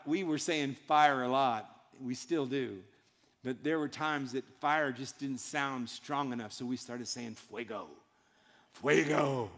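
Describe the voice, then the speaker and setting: A man's voice: on the high side, a bit bright. A man preaching a sermon in a church, emphatic and built on short repeated phrases. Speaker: pastor. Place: church sanctuary. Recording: long hall reverb.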